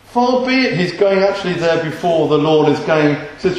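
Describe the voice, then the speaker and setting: A male preacher delivers an emphatic sermon, tossing rhetorical questions at his listeners. His voice sits a little high for a man. It rings through a very echoey room with faint noise underneath. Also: expressive, normal speed, hardly any pauses.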